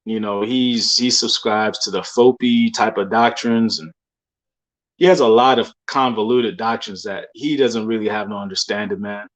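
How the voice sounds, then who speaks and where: Rambling low-voiced man telling his dreams. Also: fairly even intonation, moderate pace. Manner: loose, rambling street slang with many fillers. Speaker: believer sharing dreams. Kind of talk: casual testimony monologue.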